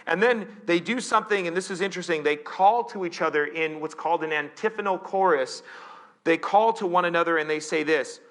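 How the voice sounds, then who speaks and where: A man's voice: on the high side, fairly quick, fairly bright tone. A male pastor preaching a conversational sermon in church, with playful asides and frequent self-corrections.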